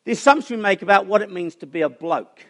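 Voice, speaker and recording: A man's voice: high-pitched, fast talker, a bit bright. A middle-aged man giving a chatty, humorous talk to a church audience, telling stories in a self-deprecating way. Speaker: conference speaker. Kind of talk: humorous sermon-style talk.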